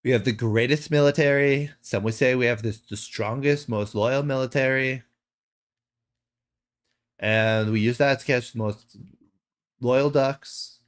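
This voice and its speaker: A man's voice: mid-range voice, fairly even intonation, unhurried, pauses often, natural voice. A man putting on an impression of a boastful male politician who speaks in grand superlatives. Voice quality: repetitive superlatives, pompous.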